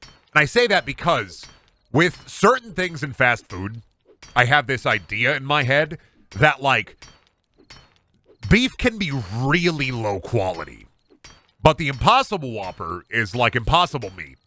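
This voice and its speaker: A man's voice: mid-range voice, very animated, measured pace, bright, forceful tone. A man streaming a game, chatting casually and ranting in a joking way with a lot of swearing. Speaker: gaming streamer. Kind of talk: casual live-stream chat.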